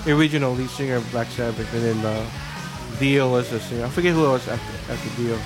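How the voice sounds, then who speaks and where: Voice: medium pitch, fast, over music, rough recording. A local show host chatting casually and reading Halloween poems aloud in a rambling, sing-song way.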